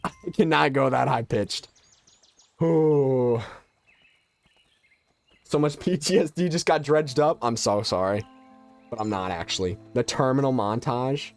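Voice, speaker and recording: A man's voice: mid-range voice, normal speed, creaky, soft background music. Nasal, stuffy man streaming a game. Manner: chatty, loose and joking, muttering asides. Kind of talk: casual live-stream chat, answering viewers.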